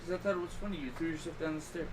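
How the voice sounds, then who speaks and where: A man's voice: a little high, fairly even intonation, rapid-fire. A man co-hosting a casual podcast with crude, laid-back banter. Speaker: podcast co-host. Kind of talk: casual chat. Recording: distant mic with background hiss.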